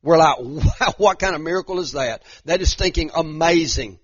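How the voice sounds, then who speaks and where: Preacher with a muffled sound. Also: male voice, on the high side, moderate pace, dry recording. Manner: swings from hushed storytelling to loud, rising exhortation. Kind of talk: sermon.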